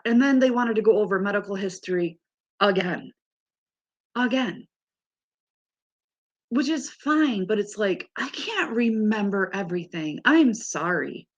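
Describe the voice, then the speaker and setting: A woman's voice: mid-range voice, animated, slow pace, long pauses, dull audio. A woman in her fifties talking casually to her audience, telling exasperated stories in a chatty way. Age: 50s. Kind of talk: casual chat to a live audience.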